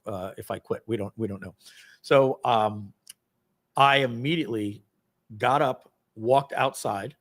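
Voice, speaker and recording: A man tells a story to an audience in a lively, animated way. He leaps into high squeaky voices when quoting others. His voice sits at an ordinary middle pitch. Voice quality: acts out voices with big pitch jumps. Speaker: host.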